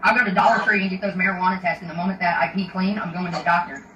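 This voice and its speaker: Woman streamer, fast, blunt and profane, casual rambling chat. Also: fairly low pitch, steady tone, lo-fi sound, background noise. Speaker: live streamer.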